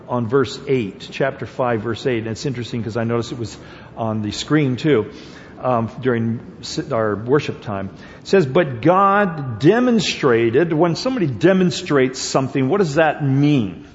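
A man preaching a sermon in a church, halting with fillers and restarts, then pressing points with repetition. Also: medium pitch, a little mellow, slight background noise. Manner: grows emphatic and repetitive at points. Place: church sanctuary. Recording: dull lo-fi sound with long hall reverb.

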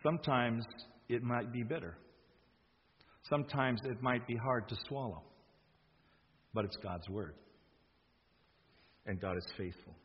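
A man's voice: medium pitch, unhurried, long pauses, slightly rough. A man preaching a sermon, emphatic, acting out quoted lines with rising force. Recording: dull sound with long hall reverb.

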